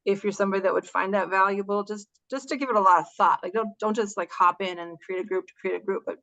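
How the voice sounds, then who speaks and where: A woman's voice: medium pitch, steady tone, fast, a bit bright. Woman, guest presenter, hesitant, restarts often, video call, dull audio. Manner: hesitant, many fillers and restarts. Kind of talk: webinar presentation.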